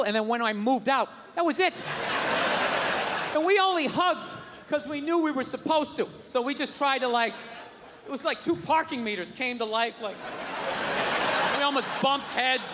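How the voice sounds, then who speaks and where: A man doing a stand-up routine, ranting and swearing, often shouting. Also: very high voice. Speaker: stand-up comedian. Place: large hall with a live audience. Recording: hall reverb, audience laughter and noise.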